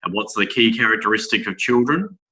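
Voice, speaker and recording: A man giving a Bible talk to young men, reading scripture aloud and asking rhetorical tag questions in a measured way. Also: fairly low pitch, pushed and bright, rough recording. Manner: measured, with small restarts. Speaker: speaker at a Bible school.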